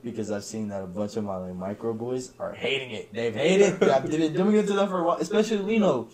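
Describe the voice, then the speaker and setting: A young man telling stories in casual podcast chat, animated and quick to laugh, acting out his friends' voices as he goes. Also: medium pitch, a loud crowd. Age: young adult. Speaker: podcast guest.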